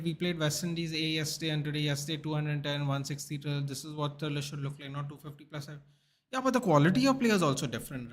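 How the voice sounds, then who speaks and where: Male watchalong host, a bit high-pitched, casual and rambling, tired and yawning. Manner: casual, rambling, answers viewer questions. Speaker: sports channel host. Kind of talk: live match watchalong commentary and chat replies.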